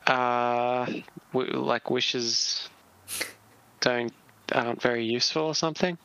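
A man's voice: medium pitch, fairly even intonation, slow, sharp tone, clean tone, no room sound, highs cut off. A man co-hosting a podcast, speaking in a dry, matter-of-fact, teasing way. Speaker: podcast co-host. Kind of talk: casual banter.

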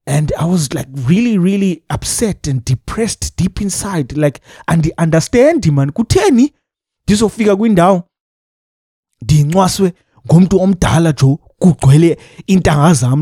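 A young man with a South African accent telling a personal story in a lively, laughing, chatty way. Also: on the high side, unhurried, slightly rough, no room sound, clean studio sound. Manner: animated, mixing English with local phrases, laughs through the telling. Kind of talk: casual storytime monologue.

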